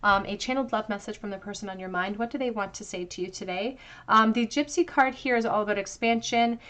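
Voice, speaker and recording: A woman's voice: mid-range voice, quick pace, a bit bright. A woman giving a pick-a-card tarot reading to her viewers, earnest and reflective, drawing out key phrases for emphasis. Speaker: tarot reader.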